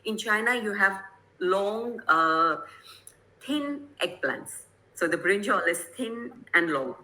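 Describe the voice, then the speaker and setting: Bright-voiced woman giving an online lecture. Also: mid-range voice, lively intonation, slow pace, a little hiss or hum, low-quality recording. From Kerala, India. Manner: explanatory, checks in with listeners. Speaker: guest presenter.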